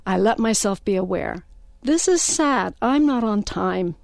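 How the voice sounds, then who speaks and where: A woman therapist on a call-in radio show, speaking in a calm, measured, gently instructive way. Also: mid-range voice, gravelly, dry recording. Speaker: guest therapist.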